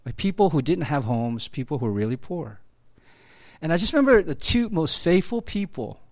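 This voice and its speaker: A man's voice: fairly high pitch, very animated, moderate pace. A man preaching a sermon as a pastor, in a conversational style with many fillers and tag questions. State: choked up at times.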